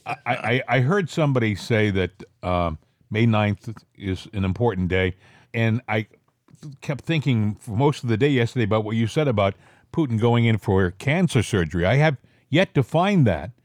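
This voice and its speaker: A man's voice: fairly low pitch, lively intonation, dry recording, clean studio sound. Rambling man hosting a talk show. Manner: rambling, halting restarts. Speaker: podcast host. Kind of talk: casual political chat.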